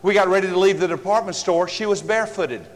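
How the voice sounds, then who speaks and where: Animated man telling funny stories. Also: sits high, fast, big-room sound. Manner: animated, joking storyteller. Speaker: seminar speaker. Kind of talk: humorous seminar storytelling.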